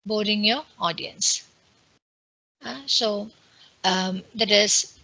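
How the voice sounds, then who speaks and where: A woman's voice: medium pitch, bright, forceful tone, poor audio. A woman with an Indian English accent giving an online webinar lecture in an explanatory way, with many fillers and restarts. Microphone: computer mic on a video call.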